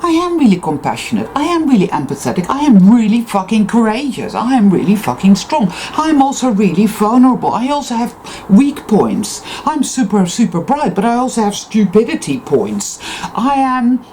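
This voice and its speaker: A spiritual vlogger delivers an unscripted personal monologue of intense, emphatic, profane self-affirmation, swearing often. Her voice is a little high, sing-song and mellow at a moderate pace, on a low-quality recording with a little hiss or hum.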